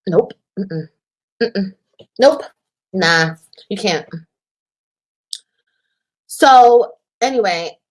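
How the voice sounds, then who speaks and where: A woman telling her side of a breakup on a livestream in an animated, profane way, repeating lines for emphasis. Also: medium pitch. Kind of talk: casual livestream storytelling.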